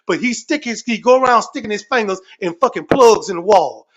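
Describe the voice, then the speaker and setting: A man with an unusually high-pitched voice holds forth on a livestream, spinning comic stories and rants. His delivery is animated and repetitive, and he swears freely in nearly every sentence. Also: brisk, highs cut off. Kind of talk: profane storytelling rant.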